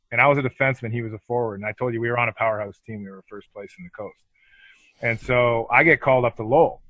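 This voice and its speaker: Forceful man telling stories, swearing freely. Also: mid-range voice, no echo, highs cut off. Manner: swears freely, animated storyteller. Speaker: podcast guest. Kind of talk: casual storytelling interview.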